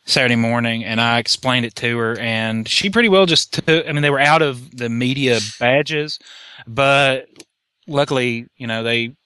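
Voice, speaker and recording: A man rambling in casual podcast chat, halting and restarting as he recalls a convention. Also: medium pitch, fairly even intonation, pushed and bright, clear, resonant tone, dry recording, studio quality.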